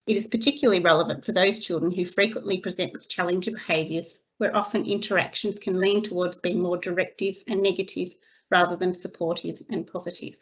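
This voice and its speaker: A woman giving a scripted training webinar for early childhood educators, reading her slides in a steady, measured way. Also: on the low side. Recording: slightly dull lo-fi recording.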